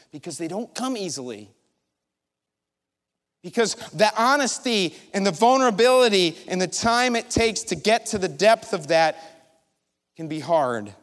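Animated high-voiced male preacher. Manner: animated storytelling, acting out his own thoughts. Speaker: pastor. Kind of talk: sermon with personal story. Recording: large hall reverb.

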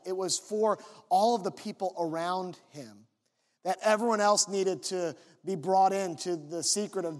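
A man preaching a sermon, teaching in a measured way, reading scripture slowly and stressing key words. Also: high voice.

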